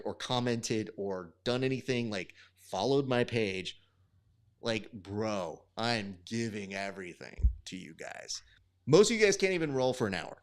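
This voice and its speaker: A man hosting a live stream, calling grappling results and reading chat in a casual, profane, bantering way. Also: fairly low pitch.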